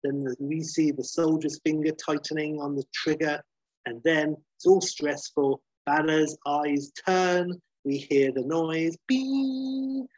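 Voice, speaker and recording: A husky, fairly high-voiced man runs through a TV episode, swearing casually and punching up quoted lines. The recording is dull and dry, as if made on a cheap mic at home. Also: steady tone, a little slow, no room sound. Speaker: recapping a TV episode. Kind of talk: casual retelling.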